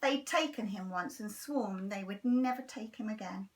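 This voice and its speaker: A teacher reading a children's storybook aloud with a lively, expressive delivery. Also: female voice, medium pitch, normal speed, distant mic.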